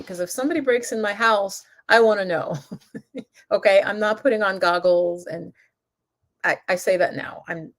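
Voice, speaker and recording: A middle-aged woman hosting a casual live stream, chatting with viewers, reading out their comments by name and laughing often. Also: medium pitch. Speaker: yoga and mindfulness channel host. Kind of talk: casual livestream talk reading chat comments.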